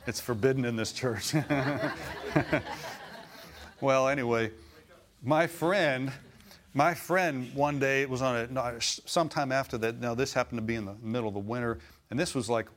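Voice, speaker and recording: Middle-aged male preacher, anecdotal sermon delivery, bursts of emphasis, mid-pitched voice. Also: moderate pace. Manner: storytelling, rising to emphatic exclamations.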